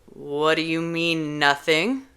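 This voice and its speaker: A woman voicing an impatient, blunt young man in a storybook reading, speaking slowly and loudly with annoyance. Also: deep voice, steady tone, clean tone. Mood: irritated. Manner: slow, loud, annoyed.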